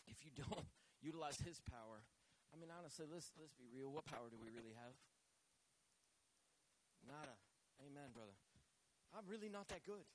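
A male pastor preaches a sermon, joking, teasing himself, and calling on the church to answer back. His voice is a little high, with a slight hiss or hum in the recording.

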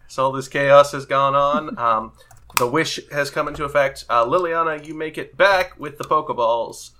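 A man running a tabletop role-playing game as game master, relaxed and laughing often. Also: on the high side, unhurried.

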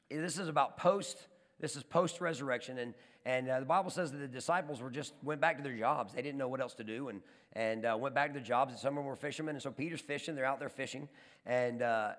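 A male pastor delivers a sermon in an animated storytelling manner, often repeating and restarting words. His voice sits in a middle pitch range, and a long reverb trails behind it as in a large hall.

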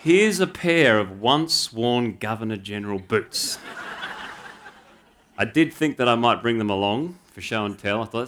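Pastor telling a story. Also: male voice, mid-range voice. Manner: relaxed anecdotal storytelling with dry asides. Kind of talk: storytelling sermon.

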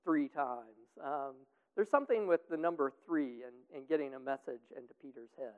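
A man with a mid-range, smooth voice leads a group Bible study at a moderate pace, rambling casually and using lots of fillers. The sound is tinny and phone-like, with a long echo.

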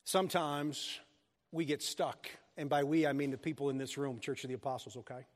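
A man preaching a sermon as pastor of a church, animated and joking with his congregation. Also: medium pitch, brisk. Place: church sanctuary. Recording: long hall reverb.

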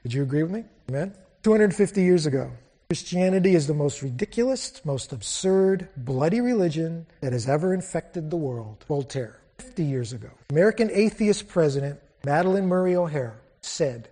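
Man, lay preacher, sermon, slightly high voice, passionate storytelling, long hall reverb. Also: animated, moderate pace, mellow. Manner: storytelling with quoted dialogue, rising to fervent declaiming. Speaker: guest preacher. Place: church auditorium.

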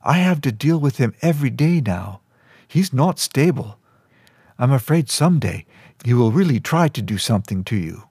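A man's voice: mid-range voice, big pitch swings, moderate pace, a little mellow, husky, no echo, clean studio sound. A man reading a story voices a firm young woman trainee in a raised, scolding tone. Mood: worried.

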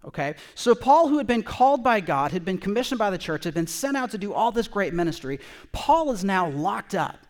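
Animated storytelling pastor, a man. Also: high voice, brisk. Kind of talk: storytelling sermon.

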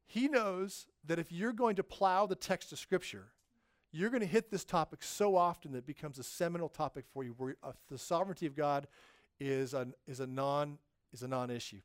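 A male pastor preaching a conversational sermon, rising to emphatic peaks and dropping to hushed, earnest lines. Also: a little high, no echo, studio quality.

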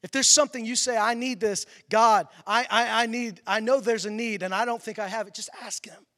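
A man pastor delivering a sermon, telling stories in an animated way. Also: sits high, brisk. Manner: storytelling, animated, laughs through anecdotes. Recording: long hall reverb.

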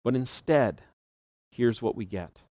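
A man preaching a sermon in a chatty storytelling manner, breaking into small laughs as he retells the tale. His voice sits at an ordinary middle pitch. The sound is dry and close, with almost no room echo. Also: slow pace, mellow. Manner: conversational storytelling with asides and laughs. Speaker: pastor.

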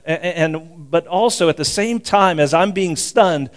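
A man's voice: fairly high pitch, measured pace. A man in his sixties preaching a sermon in a conversational way, with frequent asides and restarts. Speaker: pastor.

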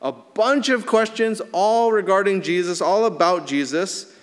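A male pastor preaching a sermon, swinging from emphatic rises to soft, quiet drops. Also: sits high, a little slow, long reverb tail. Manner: earnest preaching, rising emphatic then dropping soft.

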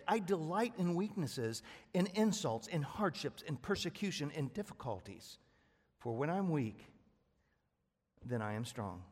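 A man preaching a sermon as pastor, talking quickly in a folksy, plain-spoken way. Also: on the high side. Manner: fast-talking, self-described; folksy, rural American speech. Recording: long reverb of a large hall.

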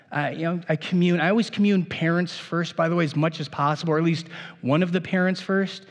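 A man's voice: a little high, big-room sound. A man preaching a sermon as pastor in a casual, conversational way, often restarting his phrases.

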